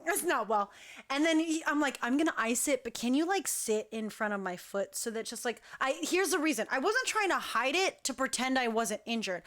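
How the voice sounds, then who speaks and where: A young woman hosting a talk show, telling a long story in a chatty, animated way and acting out what people said. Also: sits high. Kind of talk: casual storytelling.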